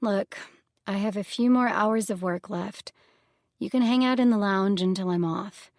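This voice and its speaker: A woman's voice: mid-range voice, unhurried, no echo, studio quality, close to an everyday voice. A woman voicing a guarded young goddess in an audiobook, answering in cool, clipped, wary lines. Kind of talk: audiobook character voice.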